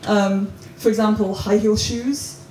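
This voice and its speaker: A woman's voice: mid-range voice, steady tone, a little slow, a little hiss or hum. A young woman doing a stand-up comedy set at a pub comedy night, self-deprecating and laughing at her own jokes. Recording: loud roomy pub recording from far off.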